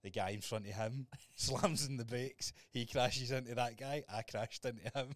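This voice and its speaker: A young Scottish man co-hosting a podcast, telling stories in a sweary, animated way. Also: medium pitch, moderate pace, no echo. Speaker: podcast co-host. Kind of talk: casual chat.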